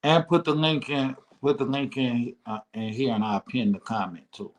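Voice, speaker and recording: A man's voice: mid-range voice, fairly even intonation, normal speed, slight background noise. A man hosting a casual interview show, easygoing and slangy, encouraging his guest. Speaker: radio show host.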